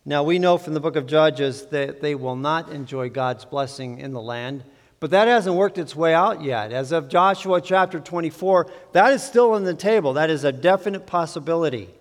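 Man preaching in a reverberant hall. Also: a little high. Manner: measured preaching with emphatic slowed phrases. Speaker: pastor. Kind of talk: sermon. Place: church sanctuary. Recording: long reverb of a church hall.

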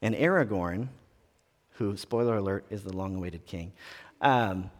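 A man preaching a sermon in a conversational, animated way, often restarting phrases. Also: low voice, unhurried. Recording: long reverb of a large room.

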